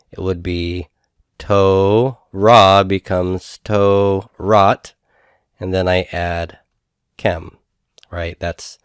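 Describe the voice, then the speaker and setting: A man's voice: low voice, no room sound, studio quality. A middle-aged man teaching Hebrew grammar in a recorded lecture, patiently sounding out syllables one at a time.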